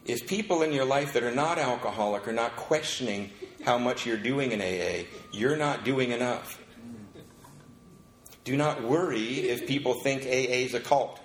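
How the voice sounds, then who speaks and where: A man tells a story at a meeting in a middle-pitched voice and acts out the people in it. The room around him is echoey, like a meeting hall. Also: moderate pace. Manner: animated storyteller acting out the people in his story. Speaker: speaker sharing his story at a recovery meeting.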